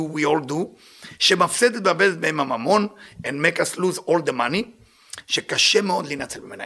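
A man giving a religious lecture, telling stories in an animated way and often laughing. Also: on the high side, breathy edge. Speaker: Torah teacher.

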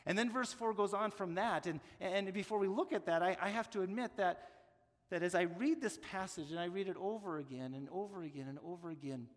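A male pastor with a notably high voice delivers an earnest sermon, his words ringing with a long reverb through a church sanctuary. He often catches on a word and repeats it before pressing on. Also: a little fast. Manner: earnest, stumbles and repeats words when moved.

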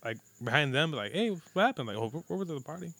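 Fast-talking profane man telling stories. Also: fairly high pitch, expressive, gravelly, sharp tone, no echo. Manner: profane, rambling storyteller, acts out quotes. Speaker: podcast co-host. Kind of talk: casual chat.

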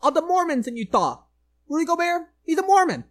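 Woman co-host, comedy podcast; very high voice, brash and boastful. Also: sing-song, fairly quick. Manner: brash boastful banter, over-the-top. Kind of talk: mock trash-talk comedy podcast.

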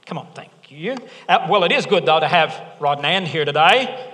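A man's voice: on the high side, animated, moderate pace, sharp tone. A middle-aged man preaching a sermon as pastor, joking and chatty, building to emphatic points. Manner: jokey, conversational preaching with rising emphasis. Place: church auditorium. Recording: long reverb of a large hall.

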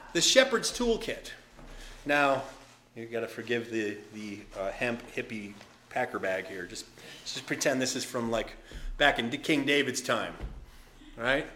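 A male pastor preaching a sermon, telling the story lively and casually, with asides to the congregation. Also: medium pitch, slight background noise. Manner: animated storytelling with acted voices and asides.

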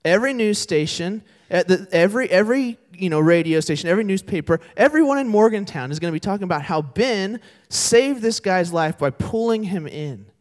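Animated young male pastor preaching. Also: high-pitched, fairly quick, hardly any pauses. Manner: animated storytelling with voiced characters. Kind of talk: sermon. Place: church sanctuary.

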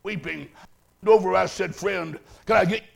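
A man preaching a sermon, telling a story dramatically and swinging from hushed tones to shouting. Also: high-pitched, normal speed, creaky.

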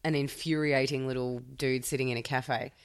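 A woman with a notably low voice chats frankly on a book club podcast. Her talk is casual and direct. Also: fairly even intonation, normal speed, smooth. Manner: chatty and frank. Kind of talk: casual chat.

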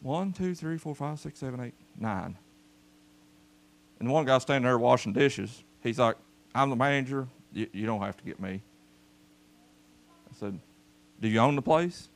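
At a church service, a man preaches as pastor in a gravelly, medium-pitched voice, keeping a moderate pace and pausing often. His sermon is folksy, animated storytelling, and he calls out to the congregation.

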